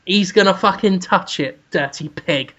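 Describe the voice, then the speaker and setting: A man's voice: high voice, unhurried, fairly bright tone. A man voicing a two-faced, foul-mouthed celebrity chef who sneers and swears, on dull lo-fi podcast audio. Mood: sneering.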